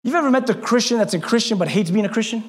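A male pastor preaching a sermon, fervent, building to shouts and then easing down with self-mocking asides. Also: high-pitched, animated, rapid-fire. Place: church hall. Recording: long reverb of a large hall.

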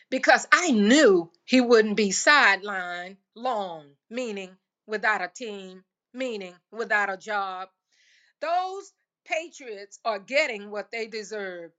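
A woman hosts a solo football podcast in a high, bright-pitched voice. She talks slowly and deliberately, leaning hard on repeated words and exclamations, like a fan preaching to her listeners. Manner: exuberant, emphatic, preachy cheering with repetitions. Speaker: podcast host. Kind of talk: enthusiastic solo sports podcast.

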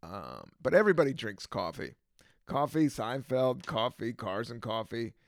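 A man's voice: mid-range voice, very animated, moderate pace, no room sound, studio quality. A young man hosting a podcast, riffing casually and laughing often in a loose, rambling way. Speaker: podcast host.

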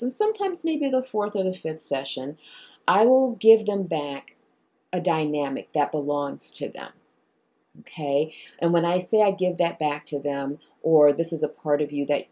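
A woman therapist speaks in a low, husky voice with a mellow tone. She explains her approach to viewers and acts out exchanges with clients, jumping up into animated voices for the quoted lines.

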